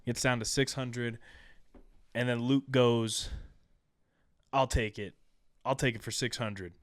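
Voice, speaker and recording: A man on a movie podcast, walking through the plot scene by scene and voicing the characters' lines as he goes. His voice is smooth and resonant. The sound is close and dry, with no room around it. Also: mid-range voice, steady tone, slow, no echo. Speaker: podcast co-host. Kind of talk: casual movie recap chat.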